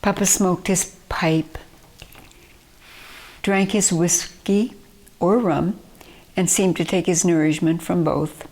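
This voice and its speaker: A woman from Nova Scotia reads aloud from her own memoir. Her voice sits low and unhurried, with gentle, measured phrasing. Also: steady tone. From Nova Scotia, Canada. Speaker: memoir author reading her own book.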